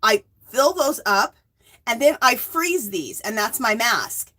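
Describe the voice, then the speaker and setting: Bright chatty woman in her fifties. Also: a little high, very animated, slow pace. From US West Coast. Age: 50s. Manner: chatty, greets viewers by name, rambling asides. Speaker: livestream host. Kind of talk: casual livestream chat.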